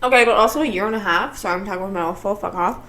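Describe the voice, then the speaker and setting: A woman's voice: mid-range voice, rapid-fire, pushed and bright, a little hiss or hum. A young woman co-hosting a podcast, blunt and sarcastic, swearing freely in casual chat. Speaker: podcast co-host.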